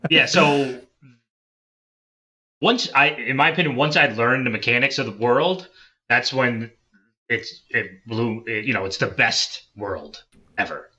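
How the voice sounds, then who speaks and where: A man's voice: medium pitch, unhurried, pauses often, pushed and bright. A man, a guest on a gaming podcast, explaining game mechanics in a loose, casual way with some swearing.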